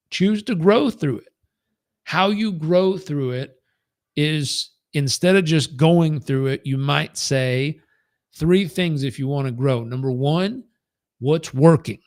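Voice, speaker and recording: A man's voice: on the high side, dry recording, clean studio sound. A middle-aged man leading a live training session, talking earnestly, repeating his points for emphasis and telling stories from his own life. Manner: earnest, storytelling, acts out quoted dialogue; repetitive, emphatic lists. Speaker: performance coach.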